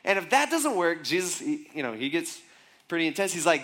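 Male pastor with a high voice, casual storytelling sermon, chatty asides. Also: big pitch swings, a little fast, a bit bright. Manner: conversational storytelling with frequent asides.

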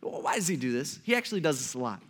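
A man preaching a sermon as a pastor, speaking in a relaxed, slangy way and acting out the characters of the story in everyday talk. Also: on the high side, very fast. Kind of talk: casual conversational sermon.

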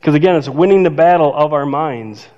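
A man's voice: a little high, fairly quick. An older man preaching a sermon as pastor, conversational and self-joking, laughing at his own remarks. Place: church sanctuary. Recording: dull reverberant church hall.

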